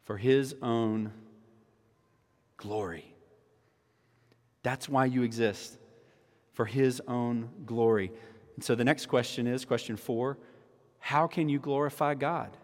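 A man preaching a sermon as pastor, moving between hushed teaching and rising, fervent proclamation. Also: medium pitch, steady tone, slow, pauses often, big-room sound.

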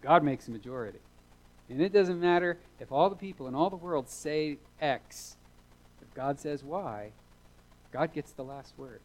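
A man's voice: a little high, expressive, normal speed, rough recording. Man, middle-aged, pastor, sermon, emphatic, repeats lines for weight, church. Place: church sanctuary.

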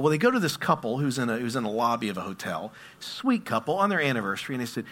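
A man preaching a sermon, telling stories and swinging between hushed asides and loud exclamations. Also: mid-range voice, lively intonation, quick pace, few pauses. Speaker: pastor.

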